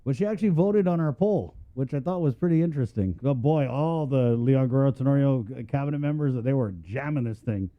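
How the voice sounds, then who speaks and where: A man's voice: mid-range voice, brisk, few pauses, muffled recording. Chatty male radio co-host, phone-thin sound. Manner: chatty, rambling, joking. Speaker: morning radio show co-host. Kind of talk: casual morning show banter.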